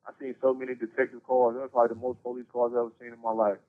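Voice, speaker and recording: A man's voice: medium pitch, little pitch movement, rapid-fire. A man, telling his story bluntly with lots of profanity and slang, rambling as he goes. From North Carolina, US. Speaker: incarcerated interview guest. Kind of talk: casual storytelling. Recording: tinny prison phone line.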